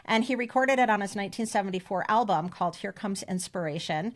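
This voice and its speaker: A woman's voice: mid-range voice, quick pace. A woman co-hosting a podcast, telling personal stories in a chatty, emotional way. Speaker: podcast co-host. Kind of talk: casual chat.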